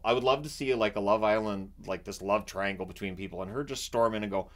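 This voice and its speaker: A man from Canada chatting casually about a reality show he watches, animated and often restarting his sentences. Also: fairly low pitch, fast, hardly any pauses. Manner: animated, acts out quotes in raised voice; repeats and restarts words often. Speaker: vlogger. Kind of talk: casual chat.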